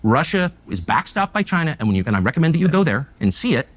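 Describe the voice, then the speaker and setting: A man's voice: fairly high pitch, sing-song, quick pace. A man in a heated debate who pushes back with needling, sarcastic remarks. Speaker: interviewer.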